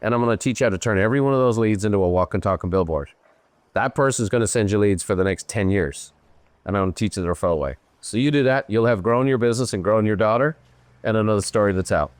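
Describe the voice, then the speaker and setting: A middle-aged Irish man hosting a show, coaching a guest in an animated, emphatic way. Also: lowish voice, fast, clear, resonant tone, no echo. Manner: animated, emphatic, slips into playful voices for others. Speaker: host and business coach. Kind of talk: live coaching Q&A.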